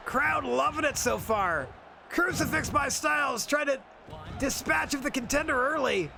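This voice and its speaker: A man doing a gravelly hyped wrestling announcer. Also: very high-pitched, animated, moderate pace, background noise, pitched above the performer's own voice, heavily acted. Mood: excited. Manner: dramatic play-by-play calls. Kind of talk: video game commentary role-play.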